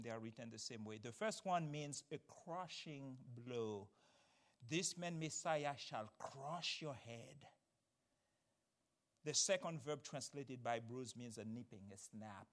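A man preaching a sermon, swinging from loud, emphatic declarations to quiet, explanatory teaching. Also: mid-range voice.

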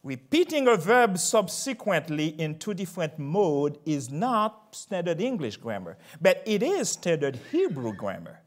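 Older guy preaching, goes soft then booms, really lively up and down. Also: unhurried, hardly any pauses. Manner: emphatic, swings from soft asides to loud proclamations. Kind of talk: sermon.

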